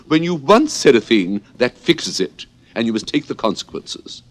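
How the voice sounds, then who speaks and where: A man reading an audiobook, voicing an imperious, scolding old queen in a shrill, emphatic manner. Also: big pitch swings, moderate pace, lightly acted. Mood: bossy.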